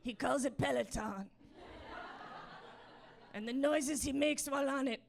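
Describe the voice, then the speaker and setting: Lady putting on a confused goblin voice, choppy third-person lines, kinda high. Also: unhurried, gravelly. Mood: baffled. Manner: clipped broken sentences, third person. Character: confused little goblin in her head, blunt. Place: comedy stage with audience laughing.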